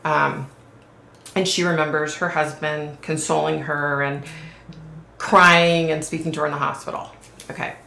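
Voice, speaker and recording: Low gravelly woman in an echoey room. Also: flat delivery, a little slow, long pauses, pushed and bright, a little hiss or hum. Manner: rambling, full of "like" and "okay?" check-ins. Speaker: psychic vlogger. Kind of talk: casual storytelling to camera. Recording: roomy echo.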